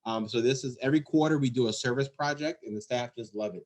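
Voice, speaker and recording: A man leads an earnest talk on running an emergency call center well. His voice sits at an ordinary middle pitch. He drives each point home by repeating it with emphasis. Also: quick pace, background noise. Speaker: 911 center executive director. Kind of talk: leadership talk to the camera.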